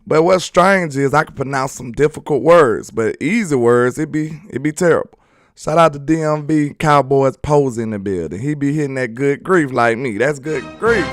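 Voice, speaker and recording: Smooth-voiced Southern man talking sports. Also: medium pitch, moderate pace. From Alabama. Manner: loose, joking, chats with viewers. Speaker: sports talk host. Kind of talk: casual live sports commentary.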